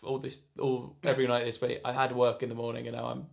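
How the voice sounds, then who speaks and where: A man's voice: mid-range voice, completely flat delivery, quick pace, gravelly. A British man, a young adult comedian, chatting casually on a podcast with a jokey manner. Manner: jokey, slips into silly voices. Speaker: comedian guest.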